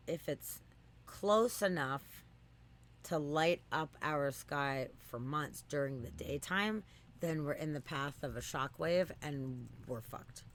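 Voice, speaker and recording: Animated, profane podcast co-host. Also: slight background noise. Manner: animated, swears freely, jumps into high exclamations. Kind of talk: casual storytelling chat.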